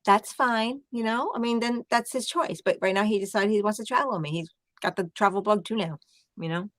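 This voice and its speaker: A woman with a New York Long Island accent chatting in a loose, rambling way, often breaking into laughs. Her voice sits at a middle pitch and sounds close and dry, with little room around it. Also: a little fast, a bit bright, no echo. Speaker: live chat host. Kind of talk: casual late-night chat.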